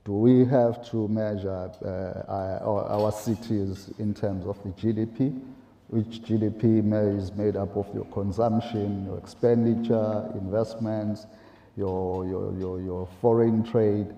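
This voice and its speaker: A man speaking on a panel, halting with many fillers and rhetorical questions. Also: on the low side, fairly even intonation, warm tone, muffled recording. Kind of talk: panel discussion. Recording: roomy echo.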